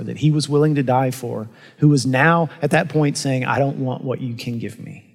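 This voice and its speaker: A man preaching in a large church hall, his slightly high voice carrying a long, ringing reverb. He speaks earnestly, pushing some phrases up with emphasis and dropping others into quiet asides. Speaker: pastor. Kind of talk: sermon.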